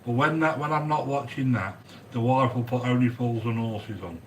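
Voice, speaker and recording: A man hosting a chatty cooking stream from a home kitchen, rambling excitedly and answering viewers by name. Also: medium pitch, moderate pace. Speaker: cooking video host. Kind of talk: chatty cooking livestream monologue. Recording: echoey room with faint background noise.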